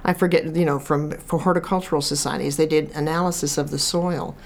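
A woman's voice: deep voice, fairly even intonation, brisk, gravelly, a little mellow. A woman author, talking casually as an interview guest and telling stories with lots of fillers and restarts. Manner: chatty storyteller, many restarts and fillers. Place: from Chicago.

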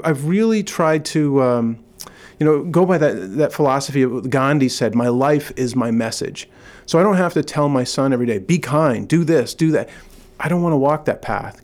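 A man's voice: mid-range voice, a little mellow. A man in his forties talking earnestly and enthusiastically in an interview, telling stories with frequent restarts. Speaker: kindness advocate, guest. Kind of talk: casual interview talk, storytelling.

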